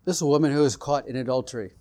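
A man's voice: mid-range voice, rapid-fire, dark tone. A man preaching a sermon, retelling scripture stories and acting out the quoted exchanges, building in intensity as he goes.

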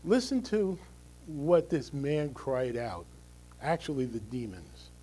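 A man's voice: medium pitch, expressive, takes it slowly, warm tone, husky, soft background music, low-quality recording. A male pastor giving a conversational, emphatic sermon, often checking in with the congregation through tag questions.

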